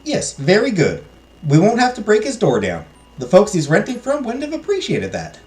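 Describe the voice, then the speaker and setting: A man's voice: sits high, huge pitch swings, normal speed, a little mellow, echoey room, soft background music, pitched above the performer's own voice. A man voicing a cheerful, wry middle-aged mother with a put-on North Dakota accent. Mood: teasing. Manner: teasing, wry.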